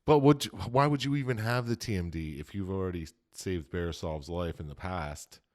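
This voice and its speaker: A man's voice: deep voice, moderate pace, a little mellow. An American man co-hosting a casual podcast, blunt and argumentative, with some swearing. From United States. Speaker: podcast co-host. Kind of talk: casual chat.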